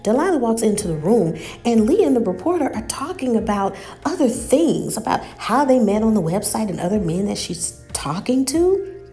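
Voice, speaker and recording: A woman casually recapping a TV episode, retelling the story in an animated way. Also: on the high side, normal speed, soft background music. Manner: animated retelling with quoted dialogue. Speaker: TV recap host.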